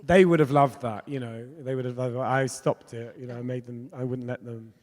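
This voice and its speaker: At a festival talk in a hall, the fifties-aged pop musician keeps a steady tone, fairly quick and a little mellow, in his mid-range voice. He shares candid stories in the onstage conversation, chatty and laughing often, under a long hall reverb.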